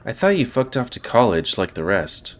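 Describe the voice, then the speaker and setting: A man's voice: fairly low pitch, sing-song, moderate pace. A man voicing a jittery, foul-mouthed young male bat while reading a visual novel aloud. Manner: curse-laden, defensive.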